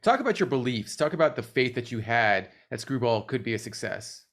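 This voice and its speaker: A man interviewing a guest in a measured, supportive manner. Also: mid-range voice, big pitch swings, a bit bright.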